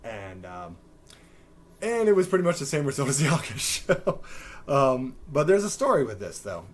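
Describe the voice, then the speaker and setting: A man's voice: mid-range voice, normal speed. A man, telling a story casually on a podcast, rambling and swearing, acting out the people he quotes. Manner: rambling, swears often, animated retelling with quoted voices. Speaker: podcast host.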